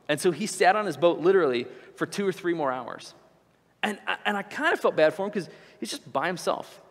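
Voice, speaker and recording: A man in his thirties preaching, telling a story animatedly and then dropping low to reflect. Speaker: pastor. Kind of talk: sermon with storytelling. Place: church hall. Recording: church hall with long reverb.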